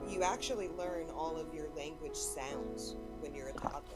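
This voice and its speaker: Southern guy hosting a chill chat, loud music behind him. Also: on the high side, normal speed. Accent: Southern American. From American South. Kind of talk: casual chat.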